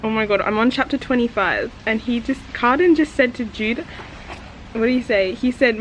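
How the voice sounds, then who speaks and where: A young woman vlogging her reading, chatty and excitable, gasping and exclaiming as she reacts. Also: on the high side, moderate pace, slight background noise. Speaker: book vlogger. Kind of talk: casual reading vlog reactions.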